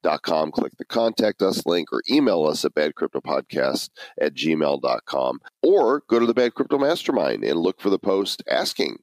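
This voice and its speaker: A man co-hosting a podcast, talking in a relaxed, conversational way with dry asides. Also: very deep voice, moderate pace, hardly any pauses, dry recording. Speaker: podcast co-host. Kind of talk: casual podcast chat.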